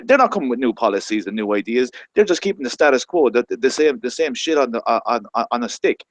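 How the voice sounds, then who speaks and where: Blunt irish guy ranting on a panel, pitch all over the place, dry sound. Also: no room sound. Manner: blunt, indignant, swears. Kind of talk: heated roundtable discussion.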